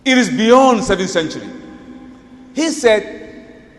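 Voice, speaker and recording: A man's voice: high-pitched, lively intonation, moderate pace, long pauses, big-room sound, a little hiss or hum. A man preaching, telling a story with drama and rhetorical questions to his listeners. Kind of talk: storytelling sermon.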